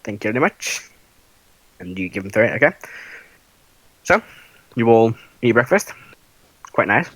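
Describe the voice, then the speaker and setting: A man's voice: medium pitch, very animated, unhurried, pauses often, a bit bright, dry recording, low-quality recording. A man narrating as game master for a tabletop game, casual and hesitant with many fillers. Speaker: dungeon master.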